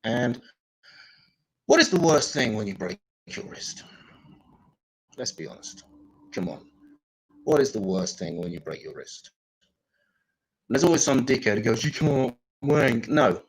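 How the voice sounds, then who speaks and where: A man performing improvised stand-up in a dry, deadpan manner. His voice sits at an ordinary middle pitch, breaking now and then into loud, mocking impressions. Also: measured pace, gravelly, pauses often, husky, poor audio. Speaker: stand-up comedian.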